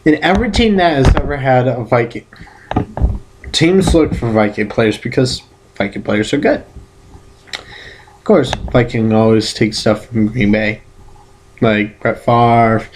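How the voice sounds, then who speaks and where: Slow-talking casual man vlogging. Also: mid-range voice, animated, slight background noise. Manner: rambling, self-correcting, with playful exclamations. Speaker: vlogger giving football predictions. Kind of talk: casual solo vlog.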